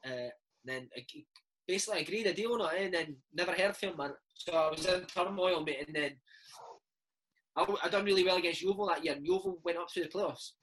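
A man's voice: sits high, a little fast, fairly bright tone, poor audio. A Scottish man in his thirties, a former footballer telling stories in a casual interview, dropping "mate" and "eh" all the time. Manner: chatty, peppers speech with "mate" and "eh".

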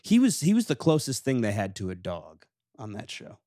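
A young man co-hosting a casual podcast chat, joking around and dropping soft and low when he sulks. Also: wildly swooping pitch, moderate pace, dry recording, studio quality. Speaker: podcast co-host.

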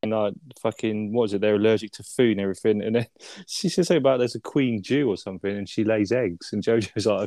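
Man, podcast co-host, relaxed and sweary, low voice, dry sound. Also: quick pace, dry recording. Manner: laid-back, swears often, asks tag questions. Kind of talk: casual film review chat.

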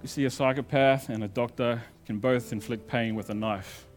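A male pastor preaching a sermon in a conversational storytelling way, moving between loud emphasis and quiet asides. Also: mid-range voice, fairly even intonation, moderate pace, soft background music.

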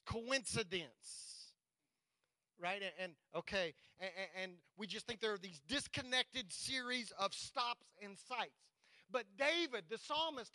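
Preaching in a high, ringing voice that sounds pushed and bright, a pastor reads scripture slowly and emphatically before speaking directly and plainly to his congregation. The recording is close and dry, with no echo from the room.

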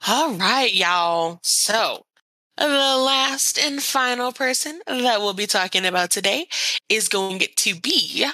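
A woman's voice: fairly high pitch, expressive, slow pace, pushed and bright, no echo. A woman co-hosting a podcast, telling a story in a chatty, rambling way with lots of fillers. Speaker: podcast co-host. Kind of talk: casual podcast chat.

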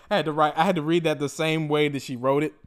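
A young man hosting a solo podcast, ranting in a profane, animated way and mocking people in quoted voices. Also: a little high, brisk, smooth. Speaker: podcast host.

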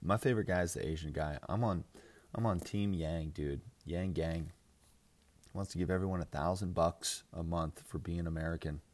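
A young man with a fairly low voice hosts a casual fantasy football podcast. He rants in a crude, mocking way, swearing freely and laughing often. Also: moderate pace, darkish tone. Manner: crude, joking, mocking, frequent laughs and filler "like"; mimics others in exaggerated voices. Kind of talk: casual profane podcast rant.

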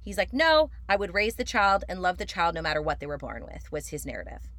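Woman podcast host, casual recap, animated and expressive, dry close mic. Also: fairly quick, no echo. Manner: chatty and animated, swinging high for emphasis, frequent "like" fillers.

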